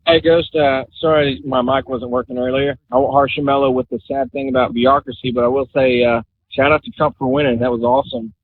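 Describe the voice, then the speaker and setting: A man's voice: medium pitch, fairly even intonation, a little fast. A man calling in to a radio show, friendly and a little apologetic. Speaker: caller. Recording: tinny phone line with faint hiss.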